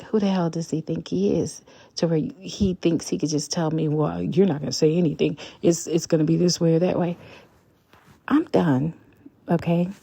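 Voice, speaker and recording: A woman in her fifties talks straight to camera about her relationship, outspoken and unwilling to sugarcoat. Her voice sits a little low and mellow. The sound is close and dry, with no room around it. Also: dry recording. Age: 50s. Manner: outspoken, blunt and emphatic. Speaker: vlogger. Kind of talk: candid relationship vlog.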